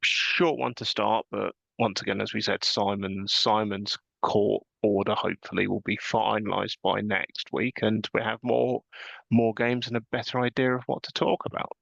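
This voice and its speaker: Male host, gravelly, relaxed rambler, dry dull mic. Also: on the low side, normal speed, dry recording. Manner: relaxed, rambling, chuckles often. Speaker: podcast host. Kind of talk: casual chat. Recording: dull lo-fi sound.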